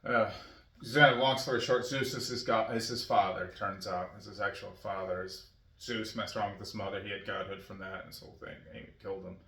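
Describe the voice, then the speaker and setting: A man's voice: lowish voice, gravelly, fairly bright tone, reverberant, far from the mic. A middle-aged man rambling casually about fatherhood, filling his talk with "you know" and chuckling often. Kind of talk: casual monologue.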